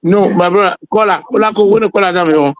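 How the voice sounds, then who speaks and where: A Nigerian man with a high voice hosts a live call-in show and keeps cutting in to claim his turn. His voice is dry and close, with no room sound. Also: fast talker, no room sound. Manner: interjecting, pleading for a turn. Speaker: talk show host. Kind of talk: live call-in radio talk.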